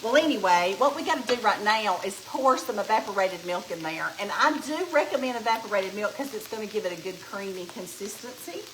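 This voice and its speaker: A woman with a warm Southern US accent hosts a live cooking stream, chatting in a folksy way with her viewers as she stirs and reads their comments aloud. She sounds tired, but she keeps the talk going. Faint frying sizzles behind her in the home kitchen. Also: mid-range voice, lively intonation, fairly quick, hardly any pauses, noisy background. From Alabama. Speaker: cooking show host.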